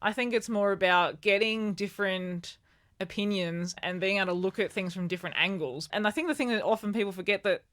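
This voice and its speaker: A woman's voice: mid-range voice, fairly quick, fairly bright tone. A woman co-hosting a podcast, chatting casually in a rambling way with restarts and frequent laughter. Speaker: podcast co-host. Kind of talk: casual chat.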